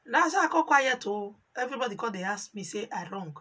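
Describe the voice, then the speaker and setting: A woman with a Nigerian accent telling a story from her life in a casual vlog, animated and voicing the people she quotes. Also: on the high side, fast talker. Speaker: vlogger. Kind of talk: casual storytelling monologue in Pidgin.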